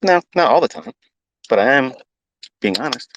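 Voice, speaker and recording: A man's voice: medium pitch, expressive, moderate pace, highs cut off, a little hiss or hum. Blunt, profane male trading mentor. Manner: blunt, swearing, repetitive, emphatic. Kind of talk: unscripted profane rant.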